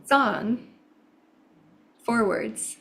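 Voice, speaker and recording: Unhurried woman on a video call. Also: on the high side, vocal fry, a bit bright, slightly rough. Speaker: improv performer. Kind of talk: casual chat.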